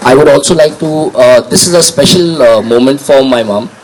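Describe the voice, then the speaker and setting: A man hosts an award ceremony, speaking casually and haltingly to a crowd over a handheld microphone. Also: mid-range voice, over loud music, low-quality recording. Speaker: ceremony host. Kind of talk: informal welcome speech.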